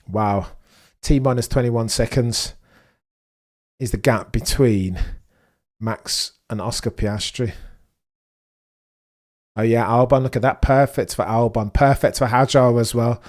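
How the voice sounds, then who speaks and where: A young man hosting a live race watchalong, chatting excitedly to his viewers and reacting with slang. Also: mid-range voice, unhurried, long pauses. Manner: excitable, chatty, British slang, talks to chat. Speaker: livestream host.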